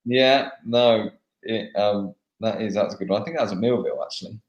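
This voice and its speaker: Man, English accent, young adult, casual and halting, echoey room. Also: lowish voice, highs cut off. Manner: chatty, laughing, halting with fillers. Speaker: motocross racer, guest. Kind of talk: live online interview, casual chat.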